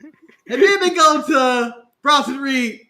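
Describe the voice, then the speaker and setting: A man with a very high, bright voice, chatting casually about wrestling and cracking jokes. He laughs often as he co-hosts the show. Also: expressive, slow. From United States. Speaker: podcast co-host. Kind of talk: casual wrestling review chat.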